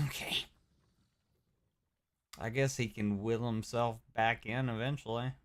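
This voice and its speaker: A young man streaming a game live, chatting casually and reacting with sudden loud outbursts. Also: medium pitch, fairly even intonation, a little slow, pauses often. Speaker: gaming streamer. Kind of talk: live gameplay commentary.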